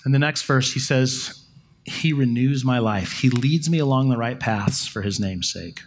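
Male preacher of middling pitch, telling stories from the pulpit in a relaxed, conversational manner. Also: a little hiss or hum. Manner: conversational, with self-corrections and dramatic pauses. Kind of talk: storytelling sermon.

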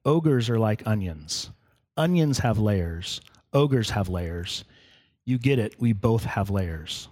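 A man reading the lines of a male cartoon ogre in his own plain voice, slow and deliberate. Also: fairly low pitch, expressive, darkish tone, no echo, studio quality. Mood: explaining.

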